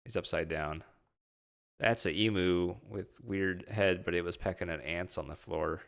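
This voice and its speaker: A man's voice: low-pitched, measured pace, creaky, a bit bright. A man giving casual, playful commentary over his trip photos and clips, amused and chatty, drawing out silly asides. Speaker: vlogger recapping a trip. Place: indoors at home streaming.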